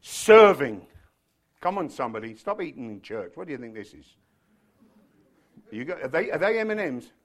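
A man preaching a sermon, swinging from loud shouted passages to quiet, chatty, humorous asides. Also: medium pitch, very animated, normal speed, long pauses. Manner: tells stories with humor.

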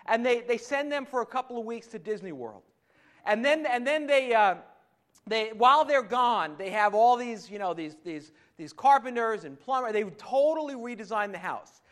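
A man with a very high voice preaches a sermon as if chatting with his congregation. He stumbles and restarts, then rises to emphatic points. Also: a bit bright. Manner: conversational preaching with frequent restarts and rising emphasis. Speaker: pastor.

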